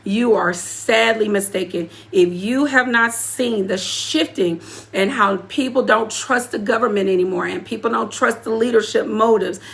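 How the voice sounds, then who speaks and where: With a slightly high voice, vocal fry and a normal pace, a woman shares an emotional testimony as an apostle and community leader. She addresses her live audience head-on in a preacherly manner, repeating key phrases to stress them.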